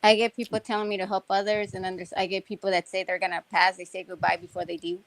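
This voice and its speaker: A woman's voice: medium pitch, little pitch movement, quick pace, gravelly, rough recording. A woman in a casual group voice chat telling an earnest, blunt story.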